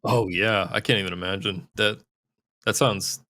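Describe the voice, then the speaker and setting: A man's voice: on the low side, fairly even intonation, moderate pace, pushed and bright, no room sound. Podcast host guy rambling and cussing, says like a lot, dry close mic. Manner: rambling, profane, heavy use of "like". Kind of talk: casual chat.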